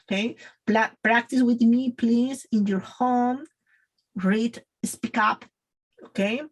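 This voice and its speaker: A woman's voice: a little high, steady tone, slow, poor audio. A woman whose first language is Spanish, teaching a beginner Spanish lesson in English, patiently repeating and modeling phrases for learners. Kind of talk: slow guided language lesson.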